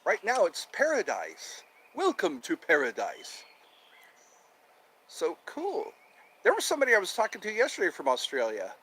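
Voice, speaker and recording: A man's voice: high-pitched, wildly swooping pitch, normal speed, a bit bright, slight background noise. Chatty cheerful man streaming outdoors. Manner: cheerful, chatty, repeats himself. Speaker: livestream host. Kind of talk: casual live chat with viewers. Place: outdoors in nature with birdsong. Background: birds chirping.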